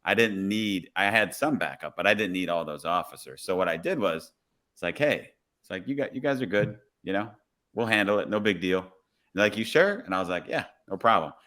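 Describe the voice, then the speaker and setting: Low, bright-voiced male storyteller. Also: brisk. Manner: relaxed storyteller who acts out quoted dialogue. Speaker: police officer, podcast guest. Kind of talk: casual podcast conversation, storytelling.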